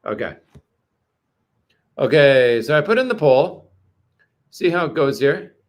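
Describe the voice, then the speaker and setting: A man's voice: medium pitch, very animated, slow. A man from Canada hosting a casual livestream, chatting with viewers in a rambling way full of fillers and restarts. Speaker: livestream host reading chat.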